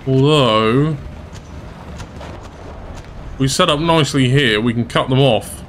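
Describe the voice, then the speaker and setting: A man's voice: mid-range voice, slow pace, slight background noise. Chatty man commentating gameplay. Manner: chatty, self-deprecating, talks to viewers. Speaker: gaming channel host.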